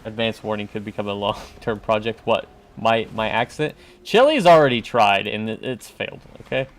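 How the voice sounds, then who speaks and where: Animated man streaming a game. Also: on the low side, normal speed. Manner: animated, joking, yelling at the game. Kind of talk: casual gameplay commentary.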